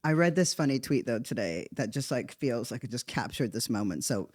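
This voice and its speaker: A podcast host talking in a casual comedic monologue, animated and rambling, laughing often between asides. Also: medium pitch, brisk, no room sound, studio quality.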